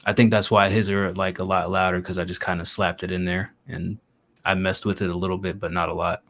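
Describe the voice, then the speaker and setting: A man's voice: sits low, flat delivery, brisk, fairly bright tone. A man co-hosting a casual music review stream, blunt and joking, swearing freely.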